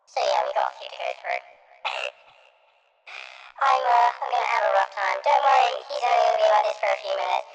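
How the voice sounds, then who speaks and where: A woman's voice: a bass voice, wildly swooping pitch, normal speed, pauses often, soft background music, voice pushed down, exaggerated voice, poor audio. A woman streaming through auto-tune and voice changer effects, enunciating hard and swearing now and then. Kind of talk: casual live-stream chat.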